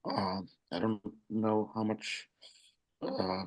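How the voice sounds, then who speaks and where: A man hosting an online comedy event over a video call, speaking in a relaxed way with many fillers and small laughs. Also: fairly low pitch, takes it slowly. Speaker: host.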